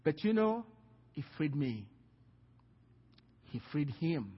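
A man's voice: on the high side, very animated, takes it slowly, slightly rough, long reverb tail, lo-fi sound. A male pastor telling a personal story in a sermon, acting out the dialogue and often repeating his words. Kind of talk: sermon testimony.

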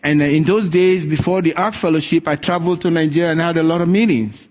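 Animated male preacher, slightly high voice. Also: fast. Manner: animated storytelling, acting out quoted voices. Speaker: pastor. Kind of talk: sermon.

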